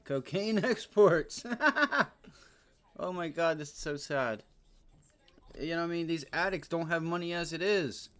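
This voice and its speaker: A man with a fairly high, slightly bright, smooth voice hosts a live day-trading stream at a moderate, steady pace. He offers casual market commentary, chatting and joking between exclamations.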